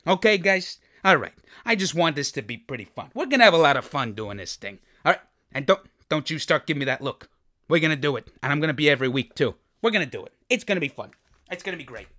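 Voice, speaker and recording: A man's voice: fairly high pitch, lively intonation, fast, bright, forceful tone. A man doing a brash tough-guy podcaster. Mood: swaggering. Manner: swaggering, pushy, with veiled threats and asides. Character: brash tough-guy male football podcaster, boastful, vaguely menacing. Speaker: fantasy football podcast host. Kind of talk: comic character monologue. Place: recording studio.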